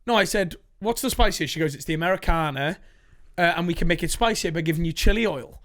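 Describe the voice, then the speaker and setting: Young man, high-pitched, casual podcast co-host who keeps chiming in. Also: fast talker, a bit bright. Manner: interjects and retells his own lines. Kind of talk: casual chat.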